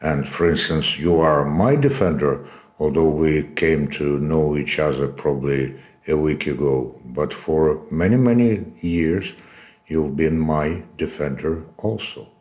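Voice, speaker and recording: A man hosting a podcast interview, speaking slowly and earnestly. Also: rumbling low, a little mellow. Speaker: podcast host.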